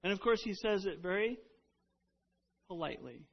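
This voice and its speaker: A man preaches an earnest sermon, often restarting his phrases as he works through a point. His voice sits notably high. The recording has a dull, lo-fi quality. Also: animated, normal speed, vocal fry, long pauses, slightly rough. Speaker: pastor.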